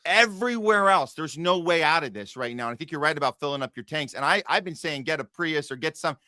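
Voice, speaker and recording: A man hosting a political news podcast, chatting casually and agreeing with his co-host in quick back-and-forth. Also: fairly high pitch, lively intonation, sharp tone, no room sound, studio quality.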